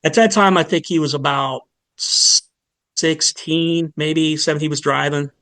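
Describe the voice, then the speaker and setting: Earnest, halting man telling his story. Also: fairly high pitch, steady tone, a bit bright, no echo. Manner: earnest, halting, with many restarts and fillers. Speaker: fire department lieutenant, guest. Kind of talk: emotional personal story in a podcast interview.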